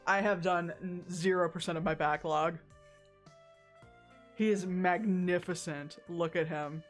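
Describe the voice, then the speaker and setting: A woman's voice: fairly low pitch, steady tone, a little slow, soft background music. A woman streaming herself playing a game, chatting casually, joking with chat and reading on-screen text aloud.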